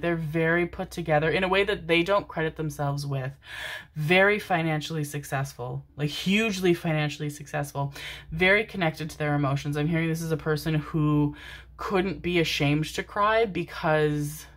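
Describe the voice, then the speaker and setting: Seated in a chair at her desk microphone, a low-voiced woman reads tarot to camera for her viewers in a relaxed, meandering way. She's affectionate, drifts from thought to thought, and keeps calling her audience her babies.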